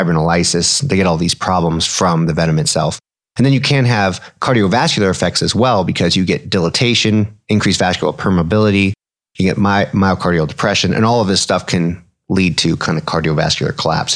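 A man in his thirties, a physician co-host, explaining medical topics in a relaxed podcast chat, mixing clinical terms with slang. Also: low voice.

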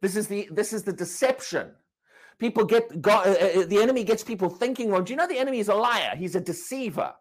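A man's voice: high-pitched, fast. A man preaching a sermon, emphatic and questioning, repeating and restarting words as he drives his points home.

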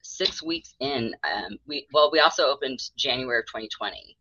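An extremely low-pitched but bright, forceful voice with lively intonation belongs to a middle-aged therapist speaking at normal speed. She's a guest in a relaxed interview, acting out quoted voices as she tells her story. The recording is dull, dry, and lo-fi with no echo.

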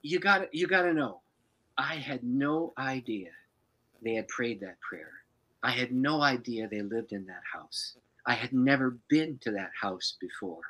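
A male pastor telling a personal story in a dramatic, expressive way, acting out the people in it. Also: mid-range voice, measured pace, slightly rough, low-quality recording. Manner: dramatic, expressive storyteller who acts out the people in his stories.

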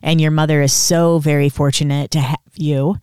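A woman hosts a relaxed podcast over a studio mic, answering her guest warmly and with support. Her voice is smooth, and the sound is close and dry. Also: low voice, moderate pace, no echo. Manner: warm and supportive, reacts with short comments. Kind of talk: casual podcast conversation.

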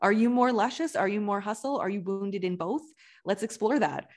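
A woman guest on a podcast, a business coach who tells stories with energy. She slips into other people's voices when she quotes them. Her pitch sits in the middle of the usual range. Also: normal speed. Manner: animated storyteller, mimics other people. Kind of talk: casual interview chat.

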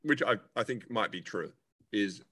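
Man, low voice, casual podcast chat, animated and sweary. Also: normal speed. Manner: animated storyteller who swears freely and acts out other people. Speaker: comedian co-host.

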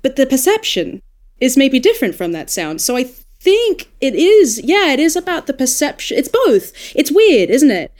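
An Australian audiobook narrator talks shop in a casual roundtable discussion, thoughtful and growing animated when she makes a point. Her voice is high-pitched and she speaks at a moderate pace.

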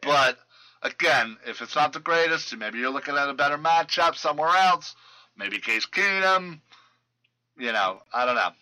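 A man talks loosely through football injury and roster news. His voice is very bright and forward. He stumbles and restarts often, filling gaps with ums and uhs. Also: fairly high pitch, lively intonation, normal speed, poor audio. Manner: loose and rambling, many fillers and restarts. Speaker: fantasy football podcast host. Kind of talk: casual sports news chat.

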